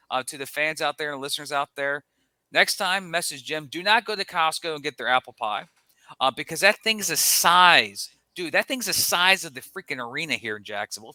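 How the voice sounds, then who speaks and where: Male podcast co-host, rambling storyteller, clear smooth voice. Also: fairly high pitch, pushed and bright, dry recording. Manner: rambling storyteller with frequent restarts. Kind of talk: casual podcast chat.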